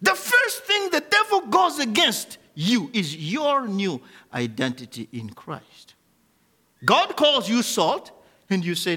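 A man preaching a sermon, swinging between loud emphatic peaks and quiet low lines, and leading the congregation in spoken declarations. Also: huge pitch swings, slow. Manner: leads the congregation in call-and-response declarations.

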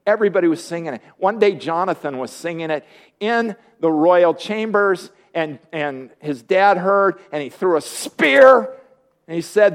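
A man's voice: high-pitched, animated, measured pace. A man preaching a sermon, retelling a Bible story playfully and joking with his congregation.

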